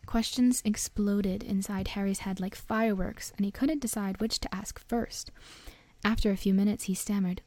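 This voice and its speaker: A woman narrating a storybook audiobook in a steady storytelling manner. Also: mid-range voice, normal speed.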